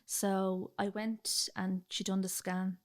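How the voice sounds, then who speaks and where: Young dublin woman talking through her story on a podcast, kinda flat even voice, lots of "like". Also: medium pitch, takes it slowly. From Ireland. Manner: chatty, retells dialogue, fillers like "like". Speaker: guest. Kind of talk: personal storytelling in a podcast interview.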